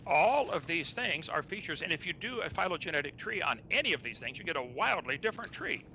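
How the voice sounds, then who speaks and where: A man's voice: on the high side, sing-song, a little fast, sharp tone, slight background noise, poor audio. A man arguing his side in a debate, piling up rhetorical questions. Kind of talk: debate argument.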